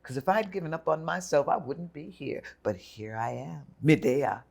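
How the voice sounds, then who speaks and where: An older woman telling her story in an interview, lively and dramatic, acting out the voices of others. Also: deep voice, moderate pace, vocal fry, husky. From Jamaica and United States. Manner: animated storyteller, acts out voices. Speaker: guest.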